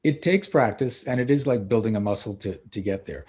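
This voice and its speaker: Husky middle-aged man telling stories. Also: fairly low pitch, brisk. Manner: animated storyteller acting out dialogue. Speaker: coach and author, podcast guest. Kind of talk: casual interview storytelling.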